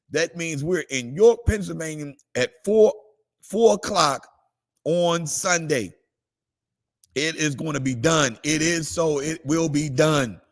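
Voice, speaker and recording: On a morning devotional livestream, a male pastor with a fairly high pitch alternates between reading scripture calmly and breaking into excited exclamations.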